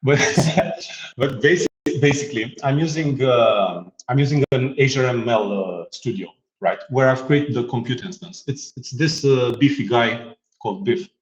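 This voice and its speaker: A man giving a casual software demo, joking and laughing often, with many restarts and fillers. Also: mid-range voice, normal speed. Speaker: guest demonstrating software. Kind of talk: casual tech demo chat. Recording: roomy, slightly dull remote audio.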